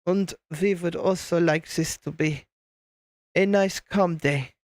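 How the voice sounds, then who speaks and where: A man putting on a German accent to play a formal, courteous gentleman who speaks slowly and politely. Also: high voice, no room sound. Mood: stately. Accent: German, put on. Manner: slow, stately, over-polite.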